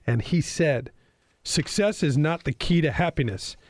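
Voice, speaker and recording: A man's voice: on the high side, a little slow, slight background noise. A man hosting an interview podcast as a school principal, talking in a friendly, casual way with lots of uh fillers. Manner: friendly, filler-heavy with frequent uh.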